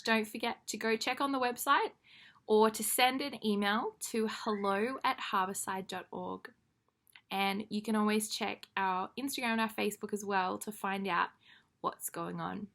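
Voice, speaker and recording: Young female kids' church leader, bright and slightly high voice, cheerful and encouraging, faint music behind. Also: fairly even intonation, moderate pace. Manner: upbeat, warm encouragement aimed at young children. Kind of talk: kids' lesson to camera.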